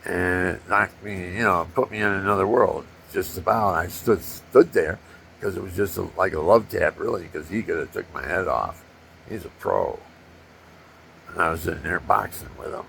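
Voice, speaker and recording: An older man with a gravelly voice, rambling through personal stories and acting out punches with sound effects. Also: deep voice, moderate pace, fairly bright tone, slight background noise. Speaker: storyteller.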